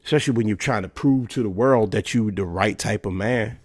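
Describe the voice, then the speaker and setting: A man's voice: on the low side, a little fast, no room sound, studio quality. A man in his thirties hosting a solo podcast, talking casually and emphatically and asking rhetorical questions. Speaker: podcast host.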